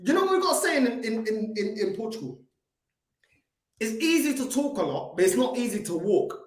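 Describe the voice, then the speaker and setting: A man's voice: very high-pitched, very animated, normal speed, reverberant. A man with a London accent hosting a fan live stream, talking in a confrontational, swearing way that often repeats itself. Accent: London English. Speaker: fan channel host. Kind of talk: heated live-stream rant.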